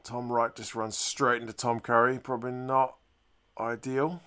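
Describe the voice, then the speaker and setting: Excitable man reacting live to rugby. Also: mid-range voice, moderate pace, clear, resonant tone. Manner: chatty play-by-play that bursts into loud excited shouts and mild swearing. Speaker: host of a live match watch-along. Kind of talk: live sports reaction commentary.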